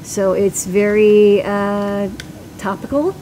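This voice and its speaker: A woman's voice: mid-range voice, slow pace, warm tone, slight background noise, rough recording. A woman co-hosting a casual live stream, answering viewer questions in a chatty way with many ums and restarts.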